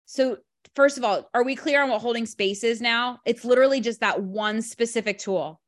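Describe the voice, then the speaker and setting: Female group coach, higher voice, emphatic, casual talk with many restarts. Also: normal speed. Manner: emphatic, leans on "literally" and "like", restarts often.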